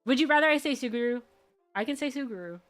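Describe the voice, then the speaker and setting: Brief: excitable woman streamer, higher pitch, gushy rambling chat, faint music underneath. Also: fast talker. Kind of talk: casual live-stream chat. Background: faint background music.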